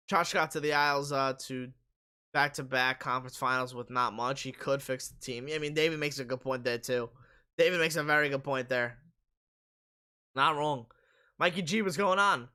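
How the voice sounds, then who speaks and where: A man hosting a live sports stream, casually reading viewer comments aloud and answering them while his voice is going hoarse. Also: mid-range voice, moderate pace, pauses often, pushed and bright.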